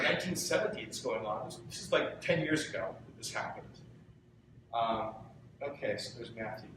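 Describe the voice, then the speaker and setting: A man's voice: medium pitch, a bit bright, distant mic, slight background noise. Earnest man lecturing in a very echoey hall. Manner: earnest, conversational, poses questions to the audience. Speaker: guest lecturer. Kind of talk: public talk to students. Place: lecture room.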